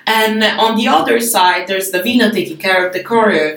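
A woman with a mid-pitched voice chats easily, agreeing quickly and laughing along. She sits away from the mic in a roomy, echoing space. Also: gravelly, a bit bright, distant mic. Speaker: podcast co-host. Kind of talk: casual chat.

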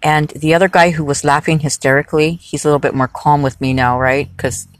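A woman's voice: deep voice, steady tone, a little fast, no room sound. A woman working as a rideshare driver, telling a casual, rambling anecdote full of digressions. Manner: chatty, digressive storytelling.

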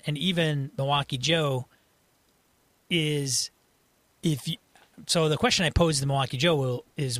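Male podcast host, mid-range voice, relaxed casual chat, dry close recording. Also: medium pitch, dry recording.

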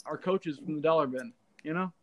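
Reflective man, slightly high. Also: brisk, fairly bright tone. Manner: reflective, explains with "like" asides. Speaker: podcast co-host. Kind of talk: casual sports talk.

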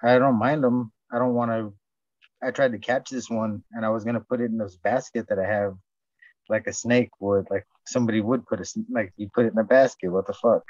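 A man's voice: fairly low pitch, fairly even intonation, a little fast, darkish tone, no echo. A man telling rambling, profane stories in casual chat and acting out what people said. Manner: profane storytelling, acts out quotes. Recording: dull dry lo-fi sound.

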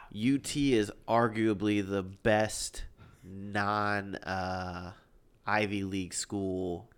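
A man's voice: lowish voice, fairly even intonation, drawn-out words, clear, resonant tone. A young man co-hosting a casual chat, joking and rambling through a story with lots of fillers. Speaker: podcast co-host.

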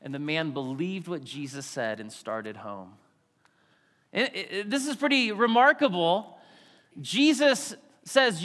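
A man preaching a sermon, animated, acting out quotes and questions. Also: high-pitched, a little slow. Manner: animated, acts out quotes in varied voices. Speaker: pastor. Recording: long hall reverb.

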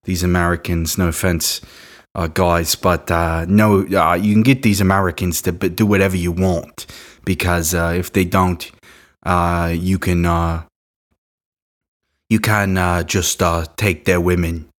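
Man putting on a British accent, cocky talk host, bragging banter, fairly low voice. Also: flat delivery, measured pace. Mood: boastful. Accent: British, put on. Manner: swaggering banter, says mate a lot.

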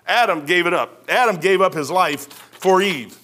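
A middle-aged male pastor preaching a sermon in a folksy, rambling storytelling way, with loud bursts. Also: high voice, animated, moderate pace.

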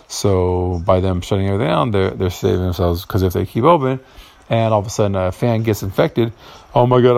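A man's voice: low-pitched, creaky, darkish tone. A man hosting a casual solo podcast from his garage, rambling and profane, getting heated at times. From Puerto Rican heritage. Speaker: podcast host. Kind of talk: casual monologue.

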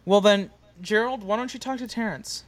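A woman's voice: mid-range voice, normal speed. A woman playing a tabletop game with friends, sounding exasperated as she takes charge of the group. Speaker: player. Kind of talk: casual tabletop game chat.

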